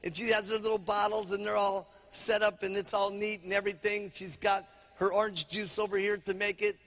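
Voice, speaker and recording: A man's voice: high-pitched, brisk, long reverb tail. A man as sales trainer, telling a humorous motivational story and acting out each character. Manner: animated, acts out characters.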